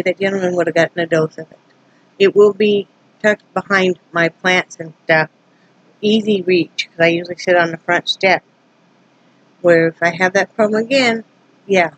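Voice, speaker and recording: A woman's voice: lowish voice, fairly bright tone, no echo, rough recording. A woman from Wyoming telling a story to her camera in a casual, rambling way, acting out both sides of a tense encounter with many restarts. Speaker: vlogger.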